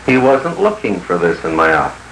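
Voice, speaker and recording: A man's voice: low voice, huge pitch swings, brisk, fairly bright tone, echoey room, a little hiss or hum, low-quality recording. A man working as a business consultant tells blunt, folksy stories to a group in an archival 1950s recording. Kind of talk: anecdotal talk to a group.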